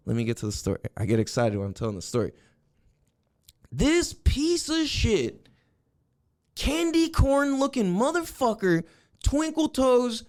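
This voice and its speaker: A man hosting a podcast, telling a heated story in a profane rant that swings between shouting and low mutters. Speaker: podcast host.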